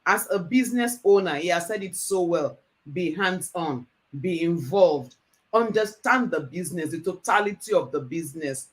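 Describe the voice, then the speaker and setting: A woman's voice: fairly low pitch, lively intonation, moderate pace. A woman hosting a business talk show, emphatic and enthusiastic. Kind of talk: interview hosting.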